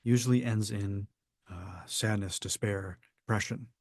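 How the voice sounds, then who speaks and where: A man giving a reflective coaching talk, measured and often acting out what people say. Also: on the low side, fairly even intonation, a little mellow, no room sound, clean studio sound. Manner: measured, acts out quoted people. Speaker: spiritual coach.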